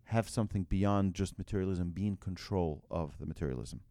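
Man, low voice, lively rhetorical questions, religious lesson, dry close sound. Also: a little fast, gravelly, no room sound. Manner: animated, asks rhetorical questions, tells anecdotes.

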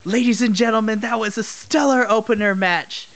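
A man's voice: high voice, steady tone, moderate pace, a bit bright. A man voicing a male wrestling commentator with hyped broadcast patter.

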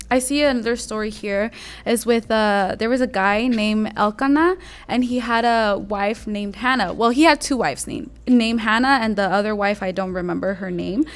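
A young woman co-hosting a faith podcast, retelling a Bible story in a rambling way with many restarts. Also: fairly high pitch. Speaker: podcast co-host. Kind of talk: casual faith discussion.

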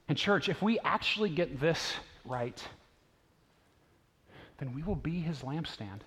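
A man's voice: on the high side, sing-song, normal speed, fairly bright tone. A man in his thirties or forties preaching a sermon as a pastor, telling stories conversationally and asking the congregation rhetorical questions. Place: church sanctuary. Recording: long reverb of a large church hall.

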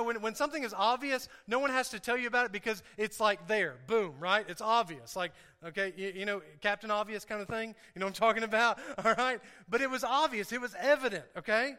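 A man's voice: high-pitched, clear, resonant tone. A man giving a casual, joking sermon, often repeating himself and asking the congregation questions. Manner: animated, joking, repeats words and asks the crowd questions. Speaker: preacher. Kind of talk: conversational sermon. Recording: reverberant hall.

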